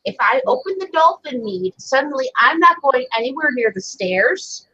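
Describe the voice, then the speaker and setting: A woman's voice: high voice, sing-song, moderate pace, sharp tone, husky, muffled recording. A woman co-hosting a casual livestream, chatty and a little tipsy. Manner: chatty, tipsy, self-deprecating. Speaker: stream co-host.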